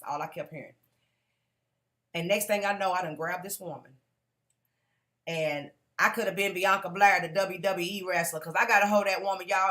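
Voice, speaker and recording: A woman with a low, slightly bright voice gives a personal testimony to a live audience as a conference speaker. She is earnest and direct, repeatedly calling out to the crowd.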